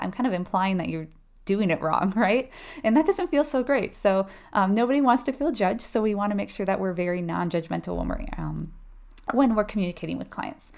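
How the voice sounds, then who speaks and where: A woman's voice: mid-range voice, brisk, gravelly, a little mellow. A woman leading a live nursing exam review, talking casually, explaining step by step and asking her viewers questions. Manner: conversational, explains step by step, asks the audience questions; laughs lightly while acting out client replies.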